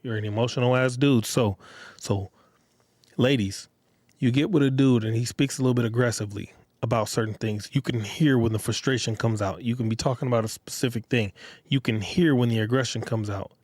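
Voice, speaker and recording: A man's voice: medium pitch, steady tone, brisk, a little mellow, dry recording, clean studio sound. A man hosting his own podcast, talking bluntly and repetitively to his listeners in street slang. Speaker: podcast host. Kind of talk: casual monologue podcast.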